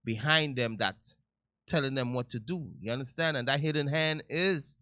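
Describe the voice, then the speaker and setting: A man hosting a talk-radio show, giving casual commentary in a loud, heated, preachy way with slangy asides. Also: mid-range voice, moderate pace, no echo, clean studio sound.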